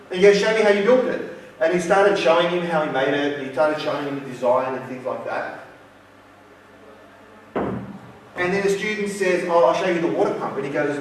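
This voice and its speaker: A man's voice: high-pitched, brisk, slight background noise. A man with an Australian accent giving a university lecture, telling a story and acting out its dialogue. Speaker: guest lecturer. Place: lecture hall. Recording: very echoey hall, speaker far from mic.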